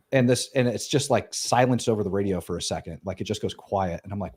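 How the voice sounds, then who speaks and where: A middle-aged man, a former soldier, telling war stories casually in an animated, profane way. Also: medium pitch, fairly quick. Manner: animated, profane, acts out quoted voices. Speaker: podcast guest, former Green Beret. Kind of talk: casual storytelling.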